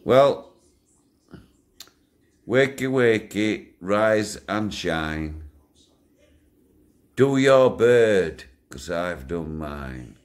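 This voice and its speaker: A man's voice: sits low, very animated, drawn-out words, pauses often. An older man, talking bluntly to his channel's viewers, swearing freely and chuckling through his stories. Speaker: channel owner. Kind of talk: casual rambling monologue to viewers.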